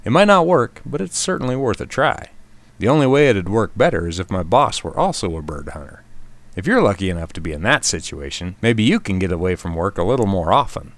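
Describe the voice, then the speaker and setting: Lively low-voiced male radio host. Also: brisk, no echo. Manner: wry, self-deprecating. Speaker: radio outdoors segment host. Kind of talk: scripted radio commentary.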